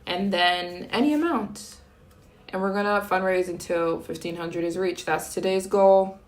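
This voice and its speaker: A woman's voice: fairly low pitch, unhurried. A young American woman chatting casually on a live stream, greeting and thanking viewers as they join. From United States. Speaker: travel vlogger live streaming.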